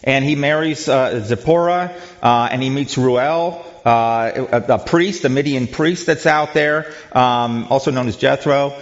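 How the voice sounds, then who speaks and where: A man's voice: medium pitch, measured pace, hardly any pauses. Man teaching scripture, dull lo-fi recording. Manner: asks rhetorical questions; frequent ums and restarts. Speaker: Bible teacher. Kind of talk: conversational Bible teaching.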